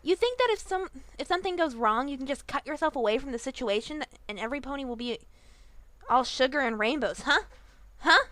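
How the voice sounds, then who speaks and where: A woman voicing a brash, furious young female griffin in a fan audiobook reading, shouting and confrontational with slangy talk. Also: sits high, expressive, brisk, dry recording, pitched above the performer's own voice. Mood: accusing.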